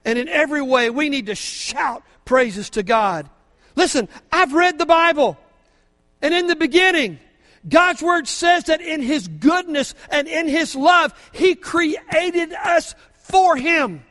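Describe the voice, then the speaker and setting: An older man preaching a sermon as pastor, fervent, moving from quiet asides to shouting praise, in a church. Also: very high voice, animated, takes it slowly. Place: church sanctuary. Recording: long hall reverb from a church.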